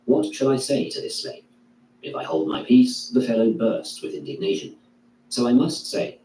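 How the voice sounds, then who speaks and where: A man reading a classical philosophy text aloud in a measured, declaiming way. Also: mid-range voice, animated, mellow. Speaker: reader. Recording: echoey room, distant mic, faint hum.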